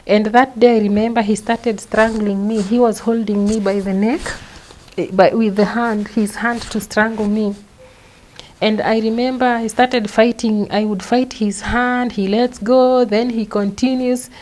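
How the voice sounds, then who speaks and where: A young adult woman with a Kenyan accent, a guest recounting her own story in halting, step-by-step speech with frequent repeated words. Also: a little high, fairly even intonation, a little mellow, slight background noise, poor audio. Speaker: interview guest. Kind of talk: personal testimony.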